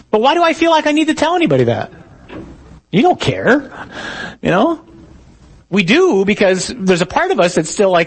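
A man's voice: on the high side, slightly rough, rough recording. A man, a priest, giving a conversational sermon with jokey asides and told stories.

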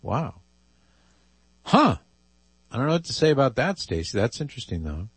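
A man's voice: mid-range voice, very animated, moderate pace, breathy edge, no echo. A man hosting a call-in radio show, reading listener emails aloud with amused asides. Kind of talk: casual call-in radio talk.

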